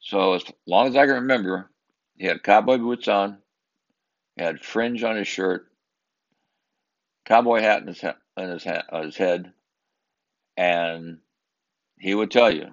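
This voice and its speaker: An older man from Southern California tells a personal family story, earnest and emphatic, sometimes repeating himself haltingly as he searches for words. His voice is low, and the recording has its highs cut off.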